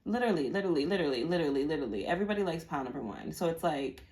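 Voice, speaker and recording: A woman's voice: low-pitched, expressive, rapid-fire, a little mellow. A woman giving a casual pick-a-card tarot reading in a chatty, rambling way, full of fillers and repeated words. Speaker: tarot reader.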